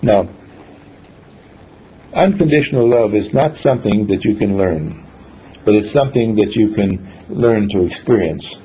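A man giving a motivational talk, telling a story in an animated way and acting out the scenes. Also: fairly low pitch, a little slow, long pauses. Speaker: speaker. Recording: dull lo-fi recording, faint hiss.

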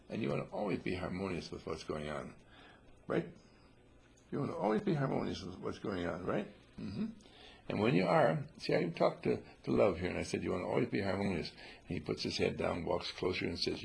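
A man's voice: medium pitch, very animated, moderate pace, gravelly, slight background noise. A man teaching a group at a monastery in a rambling, questioning way, often acting out quoted voices. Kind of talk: informal spiritual talk to a group.

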